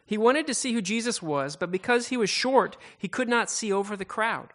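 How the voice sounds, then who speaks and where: A man's voice: sits high, lively intonation, normal speed, a bit bright. Man preaching a dramatic Bible retelling. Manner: dramatic retelling with frequent restarts and stammers. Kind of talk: sermon storytelling.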